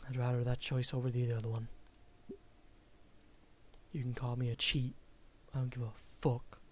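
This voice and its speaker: A man's voice: medium pitch, little pitch movement, moderate pace. A man reading a visual novel aloud and commenting, self-deprecating and often restarting words. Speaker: game streamer.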